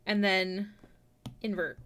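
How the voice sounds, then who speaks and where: A young woman chatting casually with her viewers on a live art stream, self-deprecating and prone to sudden excited exclamations. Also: medium pitch, slow pace. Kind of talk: casual live-stream chat while drawing. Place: home room.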